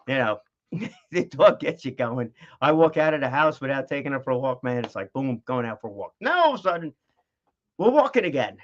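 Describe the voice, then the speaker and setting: A man's voice: mid-range voice, sing-song, a little fast. Middle-aged guy rambling on his vlog, lots of uhs, kinda dull muffled audio. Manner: rambling, chatty, frequent fillers and laughs. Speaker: vlogger. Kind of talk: casual vlog monologue. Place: home, with a dog nearby.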